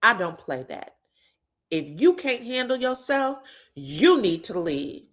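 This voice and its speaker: A woman's voice: on the high side, big pitch swings, slow pace. Woman doing a stern, lecturing party host.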